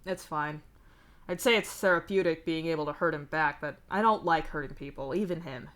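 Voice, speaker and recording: A woman reading the lines of a sardonic, profane young man in a live fanfic reading, with a wry, deadpan delivery. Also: low voice, a little fast. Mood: candid. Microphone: streaming mic.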